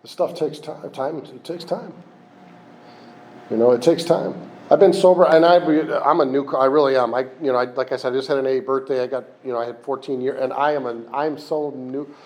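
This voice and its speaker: A man's voice: medium pitch, fairly even intonation, fairly quick, a little mellow. Candid, rambling man at a recovery meeting. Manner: candid, rambling, self-deprecating with restarts. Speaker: AA speaker. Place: meeting room with a fan.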